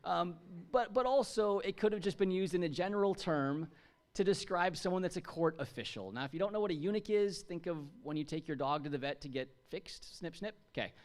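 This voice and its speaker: A man in his thirties from the United States preaching a sermon to a congregation in a chatty, jokey way, asking them questions. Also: fairly high pitch. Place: church.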